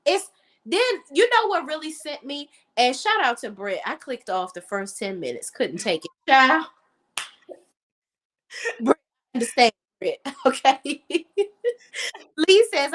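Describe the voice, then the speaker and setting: A woman with a DC accent co-hosting a casual commentary chat, blunt and animated, swearing freely. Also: sits high, unhurried, pauses often. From Washington, D.C. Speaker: podcast co-host.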